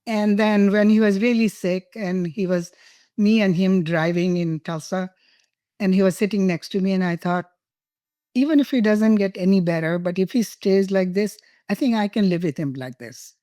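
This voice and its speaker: A woman's voice: medium pitch, moderate pace, dry recording, studio quality. An older woman from India, a guest telling personal stories in an interview, laughing and emotional at times. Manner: warm, laughing, emotional storytelling.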